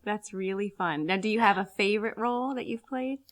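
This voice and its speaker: A woman's voice: mid-range voice, brisk. Woman host asking interview questions. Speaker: talk show host.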